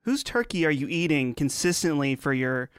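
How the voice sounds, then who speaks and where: Hesitant man with lively higher voice. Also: smooth, dry recording, studio quality. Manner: hesitant, halting. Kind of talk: casual chat.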